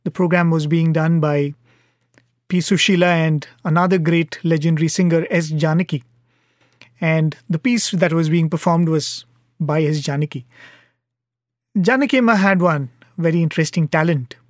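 A devotional speaker with a slightly high voice tells a story at a patient, sincere pace. He sounds earnest and unhurried, and the recording is close and dry with no echo.

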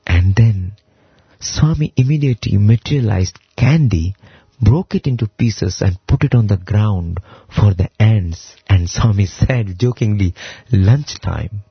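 A man giving a devotional talk, telling a story reverently with slow, emphatic phrasing. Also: fairly low pitch, breathy edge, dry recording, lo-fi sound. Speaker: devotional speaker. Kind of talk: devotional talk explaining a hymn.

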